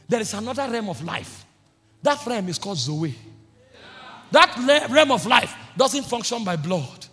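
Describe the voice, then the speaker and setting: Man, preacher, fervent sermon, shouts and repeats phrases, long hall echo, soft music behind. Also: sits high, sing-song, measured pace.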